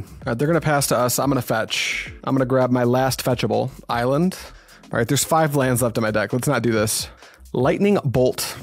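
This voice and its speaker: A man at an ordinary middle pitch talks through his card game as he plays, musing over each move and pleading with his opponent. He grumbles and swears when a draw goes badly. Soft music plays faintly behind him. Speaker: card game video commentator. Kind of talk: casual live gameplay commentary.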